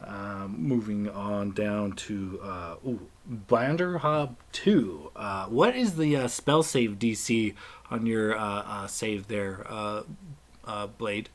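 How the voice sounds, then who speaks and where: A man narrating a tabletop game as game master, halting with many fillers. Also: on the low side.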